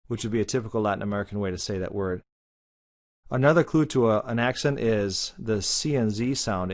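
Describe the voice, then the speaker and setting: A man teaching a lesson, explaining in a relaxed, conversational way. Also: medium pitch. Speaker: Spanish teacher.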